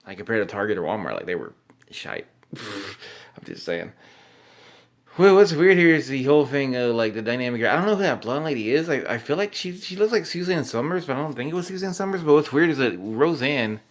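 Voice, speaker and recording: A man's voice: mid-range voice, big pitch swings, brisk. A drunk young man rambling and swearing as he reacts to old commercials, laughing often. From Texas.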